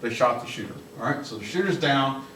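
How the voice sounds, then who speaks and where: A man giving a live police training talk to an office audience, blunt and joking, shouting commands when he acts them out. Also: mid-range voice, animated, fast, a little hiss or hum. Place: office meeting room with audience. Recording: echoey room, mic from a distance.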